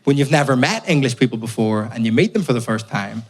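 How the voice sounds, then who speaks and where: A man's voice: mid-range voice, animated, quick pace. A man from Belfast with a Belfast accent, a stand-up comedian telling exasperated, sweary stories on stage. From Belfast, Northern Ireland. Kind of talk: live stand-up set.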